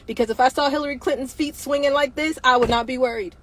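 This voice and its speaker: A woman with a somewhat high voice delivers an impassioned livestream monologue. She hammers her points with repeated rhetorical questions and speaks bluntly, with casual profanity. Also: steady tone, quick pace, low-quality recording. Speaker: livestream host.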